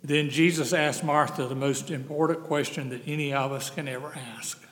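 A man preaching a sermon as pastor, earnest, slowing down to stress key phrases. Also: fairly high pitch, fairly even intonation, fairly bright tone. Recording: long hall reverb.

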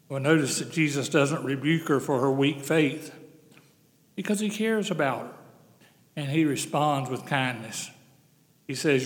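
Earnest male pastor preaching in a reverberant hall. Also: mid-range voice. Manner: earnest preaching, slowing on key phrases. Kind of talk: sermon.

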